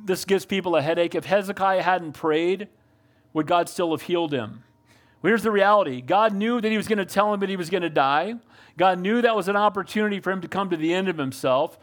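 An older man preaching a sermon as pastor, earnest and calling out to the congregation for amens. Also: high-pitched.

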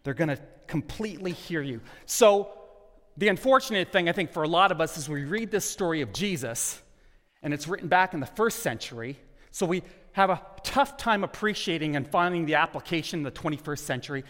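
A man's voice: a little high, expressive, a little fast, a bit bright. A male pastor delivering a sermon in an earnest way, asking the congregation questions as he goes. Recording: long hall reverb.

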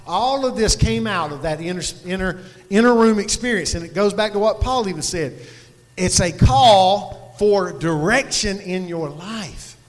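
Preacher guy telling a story from the pulpit, kinda high voice, big echoey church sound. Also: unhurried. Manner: folksy, conversational, Southern turns of phrase. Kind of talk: sermon storytelling. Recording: long hall reverb.

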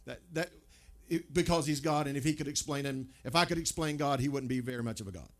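A pastor preaching a sermon, conversational and emphatic, full of rhetorical questions. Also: male voice, mid-range voice, quick pace.

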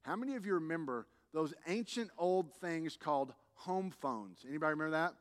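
A man's voice: a little high, expressive, brisk, in a large hall. A man preaching a sermon as a pastor, telling humorous stories in a conversational way and rising to emphatic peaks. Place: church sanctuary.

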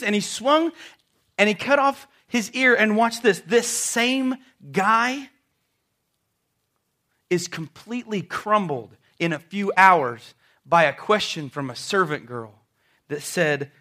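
A man preaching a sermon to a congregation, telling the story dramatically and dropping suddenly to a soft voice. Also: high voice, expressive, slow pace. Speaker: pastor. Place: church service before a congregation.

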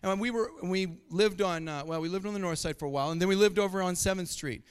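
A man's voice: high voice, quick pace, smooth. A middle-aged man from Montana preaching a sermon, telling stories and chuckling often. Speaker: pastor.

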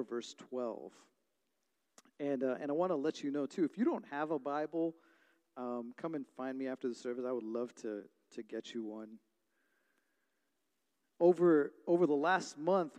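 A man in his thirties, a pastor preaching a sermon and telling stories with lively energy. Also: fairly high pitch. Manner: storytelling, animated when retelling family moments. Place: church hall. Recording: long reverb of a large hall.

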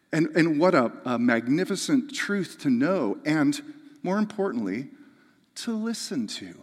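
A man preaching a sermon, building to emphatic, fervent peaks and dropping back to soft, earnest explanation. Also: a little high. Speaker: pastor. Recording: long hall reverb.

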